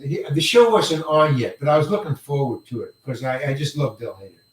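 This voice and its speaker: An older male actor telling a career story in an interview, halting and rambling, often repeating words and chuckling. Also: a little high, lively intonation. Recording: roomy echo, mic set far away.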